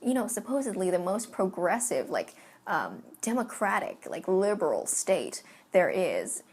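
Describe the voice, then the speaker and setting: A woman's voice: mid-range voice, very animated, a little slow, darkish tone, slightly rough. A young woman from California talking in casual commentary, emphatic and ranting, swearing often. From California, United States. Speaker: vlogger.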